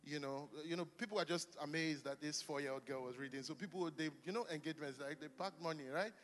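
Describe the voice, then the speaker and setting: Animated male pastor in a reverberant church. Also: fairly high pitch, fast, a little hiss or hum. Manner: animated, chatty, jokes with the congregation. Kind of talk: sermon. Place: church hall with long reverb. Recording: live church hall reverb.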